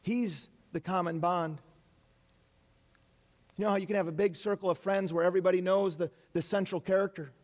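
Male pastor, high voice, earnest preaching with asides. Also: steady tone, fairly quick, pauses often, a little mellow. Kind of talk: Easter sermon.

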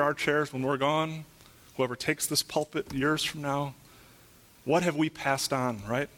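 A man preaching from the pulpit to his congregation, his voice bright and ringing and pitched a little high. He works through earnest rhetorical questions and swells into loud, emphatic peaks when he reads scripture. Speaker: pastor. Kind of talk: sermon. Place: church.

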